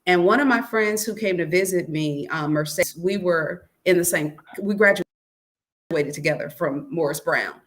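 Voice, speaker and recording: As a guest discussing her book, a woman recounts a personal story largely through what people told her, tossing in "he said" asides. She talks at a moderate pace in a lowish, slightly bright voice, earnest and searching, restarting often and saying "um" a lot.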